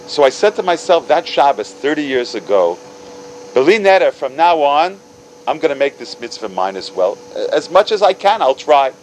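A man in his fifties tells a story to a religious audience, acting out each exchange with lively leaps in pitch. His voice sits in the middle range. Hebrew and Yiddish terms run through his speech, and a faint hum sits behind it. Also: low-quality recording. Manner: animated, acting out dialogue with big pitch jumps. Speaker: speaker telling stories to a religious audience. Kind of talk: storytelling talk.

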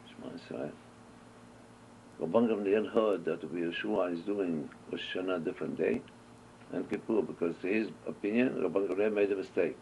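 Deep-voiced man teaching a Torah class. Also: normal speed, darkish tone. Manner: asks questions and answers them, storytelling. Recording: dull lo-fi recording with faint noise.

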